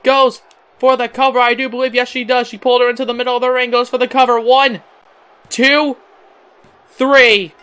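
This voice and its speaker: A young man giving excitable play-by-play wrestling commentary, his voice cracking, with frequent exclamations and chuckles. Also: extremely high pitch, moderate pace, clear, resonant tone. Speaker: amateur commentator.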